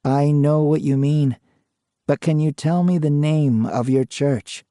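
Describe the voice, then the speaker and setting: Calm male investigator asking steady questions, read by the narrator, unhurried and dry-sounding. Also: fairly high pitch, no room sound, close to an everyday voice. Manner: patient, level questioning. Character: calm, persistent male parapsychologist interviewer. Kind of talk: dramatized ghost story reading.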